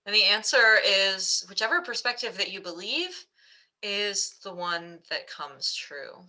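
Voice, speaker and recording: A woman's voice: medium pitch, lively intonation, a little slow, pushed and bright, low-quality recording. A woman coach presenting a webinar, telling a story in a chatty way with fillers. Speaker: mental fitness coach.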